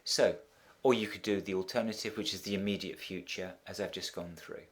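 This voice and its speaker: A man's voice: deep voice, steady tone, brisk. A middle-aged man teaching Spanish, walking through a translation step by step with frequent ums and restarts.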